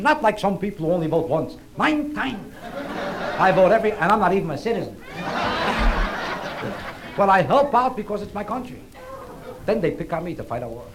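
A man doing a self-mocking stand-up routine on stage, rambling through his jokes before a live audience. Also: sits high. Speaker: stand-up comedian. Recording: live stage recording with audience laughter and noise.

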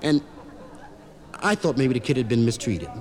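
A man performing a stand-up comedy routine in a club, an animated storyteller who acts out every character. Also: medium pitch, moderate pace, crowd noise.

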